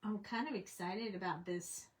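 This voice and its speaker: A woman's voice: mid-range voice, moderate pace, rough recording. A woman casually teaching a coloring tutorial on a livestream, chatty and rambling with plenty of fillers. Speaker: craft instructor.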